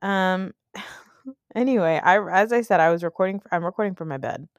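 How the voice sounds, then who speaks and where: A flu-stricken podcast host speaks at a normal pace in a fairly low voice, though the recording is muffled and has no room sound. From her bed at home, she gives a casual reality TV recap, ranting bluntly, sarcastically, and swearing without restraint.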